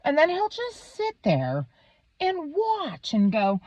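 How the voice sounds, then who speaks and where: A woman's voice: high-pitched, huge pitch swings, slow pace, no room sound. A woman in her thirties, a vlogger in a heated, profane rant, swearing constantly. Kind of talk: profane ranting monologue. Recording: dull, dry lo-fi recording.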